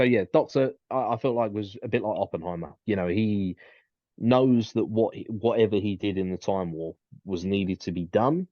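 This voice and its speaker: A man's voice: low voice, no room sound, dull audio. A man co-hosting a casual chat, rambling and repeating his words as he talks things through. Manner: rambling, repeats words, quotes in put-on asides. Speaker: podcast co-host.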